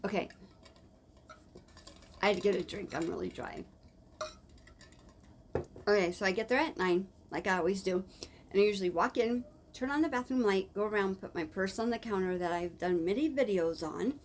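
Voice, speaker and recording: A woman's voice: medium pitch, normal speed, long pauses, a little hiss or hum. A woman telling a personal story in a casual, rambling way, with many fillers and self-corrections. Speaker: vlogger.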